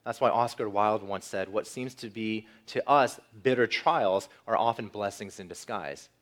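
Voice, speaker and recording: Male pastor, low voice, earnest preaching delivery. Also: moderate pace. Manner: earnest preaching, rising for emphasis, softening into prayer. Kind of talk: sermon.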